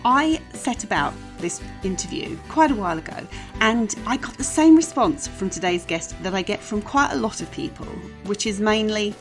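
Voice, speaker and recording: A woman's voice: mid-range voice, animated, moderate pace, faint music behind. A woman hosting a podcast interview, chatty and friendly, laughing easily. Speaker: podcast host.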